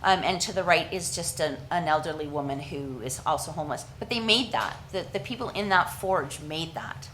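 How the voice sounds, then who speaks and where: A woman from Canada giving an earnest, halting presentation at a council meeting, with frequent restarts and fillers. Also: low-pitched, fairly bright tone, slight background noise, poor audio.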